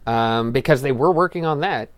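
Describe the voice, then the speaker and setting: A young man with a mid-range voice questions the news in a skeptical, halting way, restarting his sentences. He is recorded close and dry. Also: mid-range voice, no room sound. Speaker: podcast co-host. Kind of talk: casual gaming news chat.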